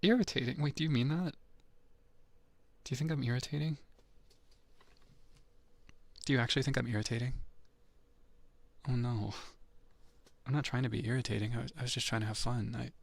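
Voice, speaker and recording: A man's voice: mid-range voice, steady tone, a little fast, gravelly, pauses often, dry recording. A man voicing an insecure, clingy young man in an anime-dub style, stammering hesitant apologies. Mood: wounded. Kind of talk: voice-actor dub voice.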